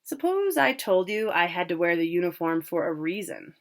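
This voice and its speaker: A woman's voice: lowish voice, big pitch swings, normal speed. A woman voicing a proud, cocky young man, the older brother home from college.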